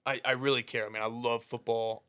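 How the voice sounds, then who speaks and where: A young man casually telling a story as a podcast co-host, animated and laughing through the punchlines as he acts out his coaches' lines. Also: mid-range voice, a little fast, clear, resonant tone.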